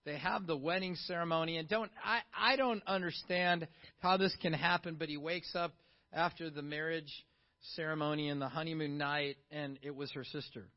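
A middle-aged man preaching a sermon in a conversational, animated way, full of rhetorical questions to the congregation. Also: on the high side, moderate pace. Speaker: pastor. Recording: dull lo-fi sound.

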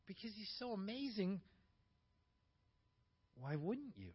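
A man preaching a sermon, animated, swinging from emphatic peaks to quiet, slowed asides. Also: high voice, dull audio. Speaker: pastor.

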